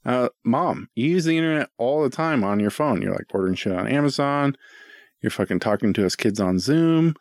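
A man's voice: medium pitch, expressive, moderate pace, no echo, clean studio sound. A man in his thirties co-hosting a podcast, chatting casually with jokes and frequent swearing. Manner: joking, profane, playful. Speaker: podcast co-host. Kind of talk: casual comedic chat.

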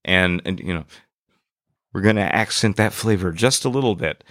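A man's voice: deep voice, moderate pace, a bit bright, dry recording, studio quality. A man from Ireland co-hosting a podcast in casual chat, laughing and swearing freely. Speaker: podcast co-host.

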